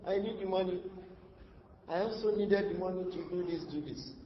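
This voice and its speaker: A man's voice: high voice, moderate pace, roomy sound, big-room sound, highs cut off, a little hiss or hum, voice pushed up, lightly acted. A man doing a pleading young son. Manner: pleading, making excuses.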